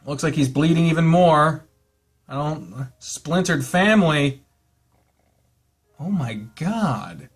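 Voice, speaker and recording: A man playing a visual novel aloud, calm while reading and loud, swearing reactions in between. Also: a little high, slow pace, long pauses, slightly rough, soft background music. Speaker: game player.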